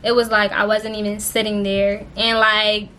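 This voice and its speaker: A young woman vlogger telling a story in a casual storytime style, expressive and full of slang and swearing. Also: mid-range voice, normal speed, slight background noise.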